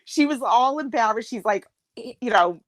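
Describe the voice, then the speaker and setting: A woman's voice: fairly high pitch, normal speed, no room sound. A middle-aged woman, hosting a casual group video chat and telling stories with a joking, laughing manner. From Massachusetts. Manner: lively joking storyteller, laughs often. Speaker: host of a group live chat. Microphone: video call.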